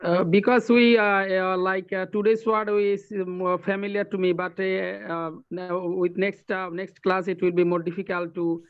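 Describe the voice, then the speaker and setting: Hesitant male student, high flat voice. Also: normal speed, few pauses, smooth, lo-fi sound. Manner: hesitant, many fillers. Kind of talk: classroom question over video call. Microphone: video call.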